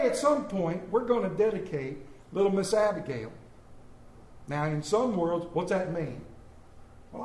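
Folksy preacher, high and echoey. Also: male voice. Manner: folksy storytelling with sudden loud bursts. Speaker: pastor. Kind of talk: sermon. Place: church. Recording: echoey church room.

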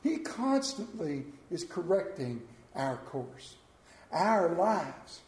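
A man preaching a sermon as pastor, swinging from hushed lines to loud ones. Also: high voice, big pitch swings, slow pace, reverberant.

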